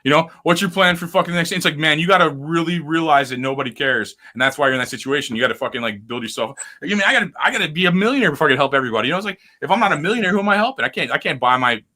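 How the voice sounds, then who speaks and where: A man talks at a rapid clip in a loose, rambling way, stacking fillers and swearing freely. His voice sits a little high and sounds bright and forceful. He hosts a casual podcast conversation. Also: animated. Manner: rambling, profane, full of fillers. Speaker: podcast host. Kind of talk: casual chat.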